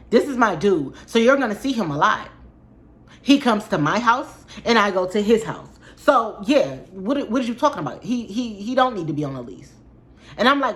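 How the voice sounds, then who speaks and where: A woman's voice: medium pitch, moderate pace. A young woman vlogging, telling a personal story in a casual, indignant, run-on way. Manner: animated, indignant, talks in run-on bursts with fillers.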